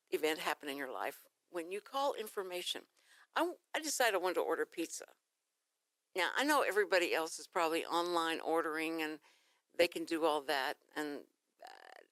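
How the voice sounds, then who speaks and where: A Texan woman hosting a local morning radio talk show, chatting casually to her listeners. Her pitch swoops widely as she acts out phone calls in an animated storytelling style. The studio sound is dry and close. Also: dry recording. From Texas.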